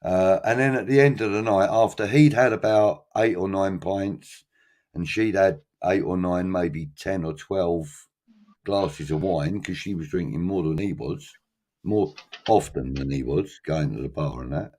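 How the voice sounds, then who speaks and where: A man's voice: low voice, unhurried, a little mellow. A man, middle-aged, telling a long story in casual chat, acting out voices and swearing freely.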